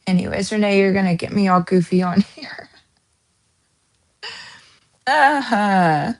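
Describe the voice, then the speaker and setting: A woman's voice: medium pitch, measured pace, vocal fry, pauses often. A woman from the American South with a Southern accent, hosting a casual true crime chat, giggly with lots of ums and restarts. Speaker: true crime channel host.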